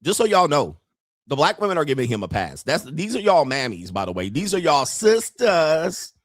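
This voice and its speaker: A man's voice: medium pitch, big pitch swings, brisk, dry recording, clean studio sound. A man streaming, reacting to clips in casual, mocking commentary and laughing often.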